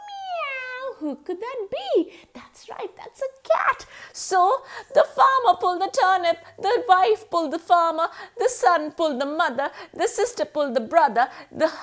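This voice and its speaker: Storyteller woman for small children: high, swooping voice, slow and sing-song, asks the listener questions.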